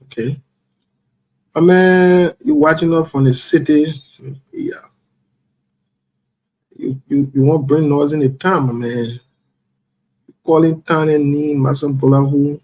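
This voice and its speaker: A man's voice: fairly high pitch, steady tone, slow pace, long pauses, a little mellow. A man hosting a casual live stream, playfully greeting viewers by name and chuckling as he goes. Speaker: livestream host.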